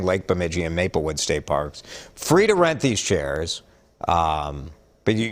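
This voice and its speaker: Chatty low-voiced male news host. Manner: chatty, upbeat, joking asides. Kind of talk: casual news update reading viewer comments.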